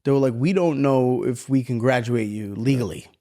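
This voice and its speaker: A man in his thirties co-hosting a podcast, telling animated, profanity-laced stories and acting out the voices in them. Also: medium pitch, normal speed. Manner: animated, swears a lot, acts out voices in stories. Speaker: podcast co-host. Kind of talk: casual storytelling chat.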